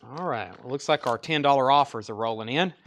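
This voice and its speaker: A man's voice: medium pitch, a little fast, fairly bright tone. Chatty Southern US man selling records. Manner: rattles off album titles and prices, chatty asides. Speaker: host of a live online record sale. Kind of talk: casual live-stream sales patter.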